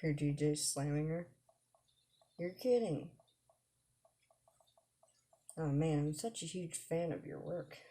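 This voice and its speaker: A woman's voice: low voice, takes it slowly, long pauses, warm tone. A woman reading the lines of an eager adult male wrestling fan in a dating game, gushing. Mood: starstruck.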